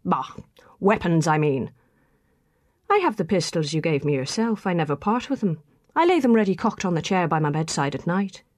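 A woman with a fairly low, darkish voice and lively intonation reads at a moderate pace as a brash young Irish curate, sounding blustering, boastful, and surly. The recording is dry, with clean studio sound.

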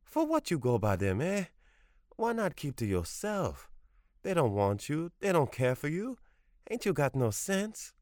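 A man's voice: medium pitch, huge pitch swings, slow pace, hardly any pauses, warm tone, no room sound, studio quality, voice pushed up, exaggerated voice. A man reading a storybook voices a stern old Creole grandmother who scolds in clipped, broken English. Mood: scolding.

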